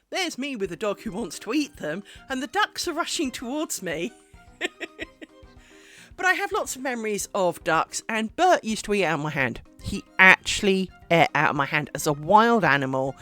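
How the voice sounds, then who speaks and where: A woman streamer telling a rambling, animated story in casual chat while she works on a craft. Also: lowish voice.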